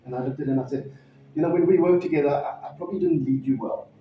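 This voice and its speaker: A pastor telling a personal story in a sermon, conversational and halting, with frequent restarts. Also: male voice, fairly high pitch, a little hiss or hum. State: emotional, near tears. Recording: distant mic in echoey hall, dull sound.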